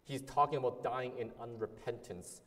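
A man's voice: mid-range voice, steady tone, normal speed, a bit bright, long reverb tail. A man preaching a sermon as a pastor, earnest and emphatic, repeating key words and sometimes restarting phrases.

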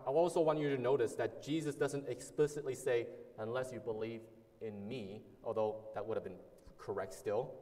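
A male pastor delivering a sermon in an earnest, emphatic way, leaning on repeated words and now and then restarting a phrase. His voice sits at an ordinary middle pitch for a man. It carries a long reverberant tail, as if recorded in a large hall. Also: a little mellow.

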